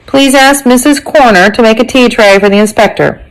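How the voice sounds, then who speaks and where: A woman's voice: a little high, moderate pace, voice pushed up, natural voice, poor audio. A woman voicing a stern, commanding old grandmother in a storybook reading. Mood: imperious.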